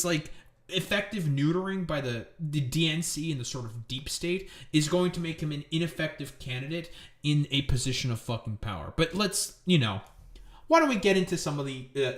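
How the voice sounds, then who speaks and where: A man's voice: on the high side, fairly bright tone. A man hosting his stream with a political commentary rant. He talks in a profane, angry and sarcastic way. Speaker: streamer host. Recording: echoey room.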